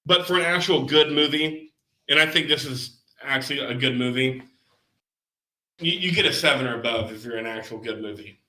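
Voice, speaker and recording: A man's voice: medium pitch, normal speed, sharp tone, reverberant, rough recording. A man co-hosting a movie podcast, talking casually and swearing now and then. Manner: casual, profane, enthusiastic. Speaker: podcast co-host. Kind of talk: casual chat.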